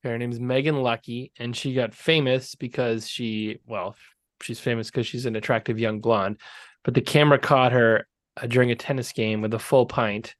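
A man co-hosting a casual podcast, trading sarcastic jokes and breaking into laughter often. His mid-pitched voice sits close and dry on the mic, with no room sound around it. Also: dry recording. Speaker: podcast co-host. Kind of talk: casual chat.

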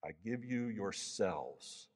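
A man's voice: lowish voice, animated, slow pace. A man reading as a strong, joyful lion creator. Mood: solemn. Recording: long hall reverb.

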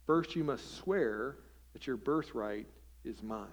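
A man preaching acts out a sly, calculating young man who bargains in a low, slow, quiet voice. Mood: scheming.

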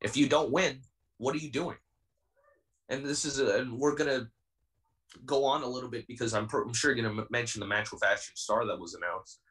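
A man's voice: medium pitch, brisk, a bit bright, far from the mic, poor audio. Heated young man, slightly off-mic. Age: 20s. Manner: heated, defiant, intense. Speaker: pro wrestler guest. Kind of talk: podcast interview.

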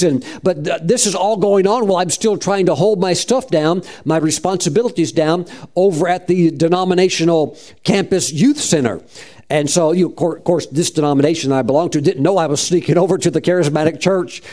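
Delivering a testimony sermon, this preacher recounts his own life in a loose, chatty manner, often starting over mid-thought. His voice sits on the high side with a dark tone.

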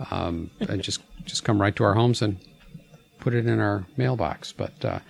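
A man's voice: lowish voice, unhurried, gravelly. A man co-hosting a podcast in casual chat, easygoing and joking with frequent fillers. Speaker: podcast co-host.

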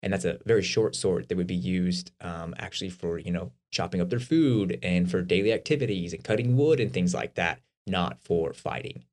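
A man co-hosting a podcast, explaining faith ideas quickly in a casual, conversational way with everyday examples. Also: low-pitched, darkish tone. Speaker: podcast co-host.

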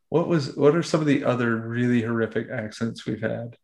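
A man hosting a casual podcast, steering the talk with measured questions. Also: medium pitch, creaky. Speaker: podcast host.

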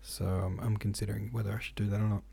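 A man's voice: fairly low pitch, little pitch movement, fast talker, vocal fry, warm tone, breathy edge. A man hosting a casual solo podcast, talking in a rambling, hesitant way with many fillers and restarts. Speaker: podcast host and novelist.

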